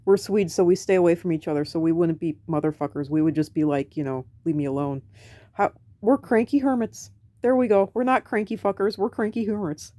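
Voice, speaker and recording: A woman's voice: lowish voice, fairly quick, dark tone, no echo. An American woman vlogging in a casual late-night monologue to camera, rambling, self-mocking and profane. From United States. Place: home at night.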